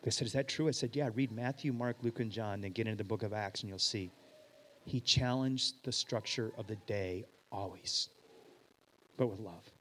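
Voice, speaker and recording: Middle-aged man, pastor preaching in a church hall, lively storyteller who acts out the voices, slight hall reverb. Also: fairly low pitch, normal speed, slight background noise. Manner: animated storyteller, acts out dialogue, swings loud and hushed. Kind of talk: sermon with storytelling.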